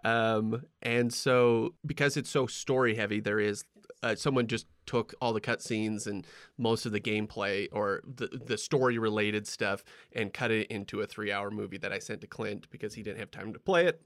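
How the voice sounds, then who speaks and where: A man hosting a casual podcast chat, laughing often and trailing off quietly at the ends of thoughts. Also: on the low side, steady tone, moderate pace, clean tone, dry recording, studio quality. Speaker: podcast host.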